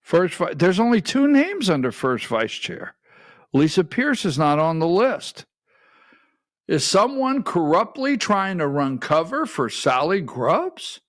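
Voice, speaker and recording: Man, middle-aged, political talk radio host, folksy, slow delivery, somewhat high pitch, studio. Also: very animated, a bit bright. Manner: folksy, calls on producer for clips.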